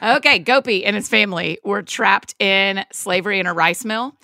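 A woman's voice: mid-range voice, normal speed, pushed and bright. A woman co-hosting a podcast, chatting casually and reading a sponsor story in a chatty, laughing way. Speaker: podcast co-host. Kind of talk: casual chat and sponsor read.

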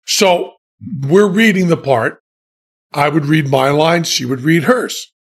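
A man spins a long, self-mocking anecdote in relaxed conversation. His voice sits high for a man and he takes his time, with dry, deadpan timing and his own laughter breaking in. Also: takes it slowly, husky. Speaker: podcast guest telling stories. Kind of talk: casual storytelling chat.

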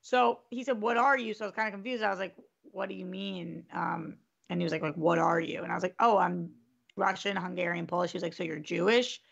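Woman, casual storyteller, gravelly edge, lively quoting, lo-fi recording. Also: on the low side, fairly quick. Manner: animated, acts out quotes, swears freely. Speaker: storyteller in a group chat.

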